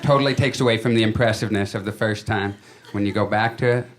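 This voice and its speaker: A man doing a stand-up comedy set on a club stage, telling stories in a chatty way and acting out his friends in quick voices. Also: on the low side, steady tone. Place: comedy club stage before a live audience. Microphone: handheld stage mic. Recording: live club recording with loud crowd laughter.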